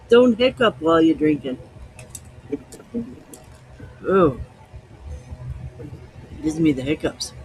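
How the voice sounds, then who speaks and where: A man with a fairly high voice rambles slowly and easily through a casual podcast chat. His unhurried talk wanders from one story to the next. A faint hum of a vehicle sits behind him. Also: big pitch swings, a little mellow, rough recording. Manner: rambling, loose, easygoing storytelling. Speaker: podcast host. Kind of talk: casual chat while tasting liquor.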